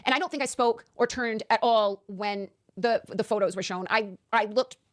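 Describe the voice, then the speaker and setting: A woman answering interview questions in an emphatic, animated way, often stammering and restarting. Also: on the high side, moderate pace. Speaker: interview guest.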